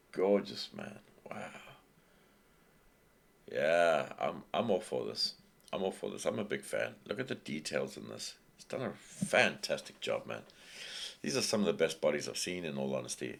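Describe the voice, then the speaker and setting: Male vlogger, deep, gravelly, lively delivery; casual and repetitive. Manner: enthusiastic, repeats himself. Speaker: tutorial vlogger reviewing 3D software. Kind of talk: casual screen-recording commentary.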